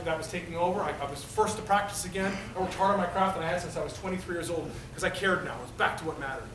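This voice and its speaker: A man in his late thirties from Canada, giving an animated motivational talk to students and acting out the voices he quotes. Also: high voice, background noise. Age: 30s. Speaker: motivational speaker. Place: high school gym or auditorium. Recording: echoey hall, mic at a distance.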